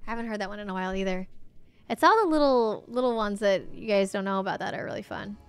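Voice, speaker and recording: A woman's voice: medium pitch, lively intonation, fast, smooth. A woman live-streaming a game from her home setup on a foam-covered desk microphone, chatting casually and cooing at her pet in baby talk. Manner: chatty, talks to chat between game moments. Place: home streaming room with a green screen.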